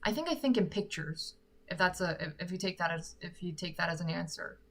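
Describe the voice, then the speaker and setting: A woman's voice: lowish voice, fairly quick, fairly bright tone. A woman with an American accent hosting a casual livestream Q&A from her room at home, chatty and self-deprecating, speaking into a sock-covered microphone. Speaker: singer and livestream host.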